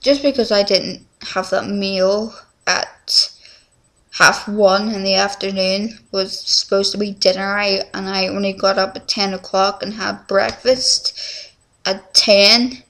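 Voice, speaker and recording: A woman's voice: mid-range voice, fairly even intonation, takes it slowly, a bit bright. A teenage girl, rambling through a casual confessional vlog at home, full of fillers and restarts. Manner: rambling, scattered, many fillers. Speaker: vlogger.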